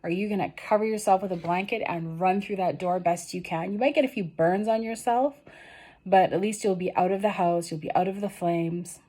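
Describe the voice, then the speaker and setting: A woman's voice: on the low side, fairly quick, warm tone. A woman giving a general tarot reading to her viewers in an earnest, encouraging and emotional way, tearful and losing her voice. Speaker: tarot reader.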